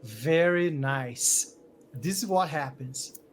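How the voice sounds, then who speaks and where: A man's voice: on the high side, slow pace, a little hiss or hum. A man running a tabletop game as game master, setting scenes with lots of "like" and restarts.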